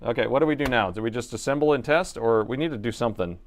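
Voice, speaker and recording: A man's voice: mid-range voice, fast talker. Man narrating a laptop repair livestream. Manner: joking with chat, narrating his repair steps. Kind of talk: casual live-stream chat while working.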